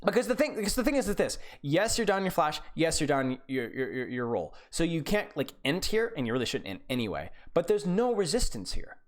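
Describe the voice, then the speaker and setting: Sarcastic, lively streamer coaching gameplay. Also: medium pitch, fairly quick, hardly any pauses. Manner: sarcastic, blunt critique with many repeated words. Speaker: game coach. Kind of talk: live-streamed gameplay review.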